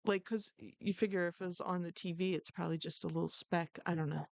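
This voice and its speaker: A woman's voice: lowish voice, steady tone, fast, gravelly, dry recording. A woman co-hosting a live podcast, telling stories in casual chat and laughing often. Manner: chatty storyteller who laughs often. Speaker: podcast co-host.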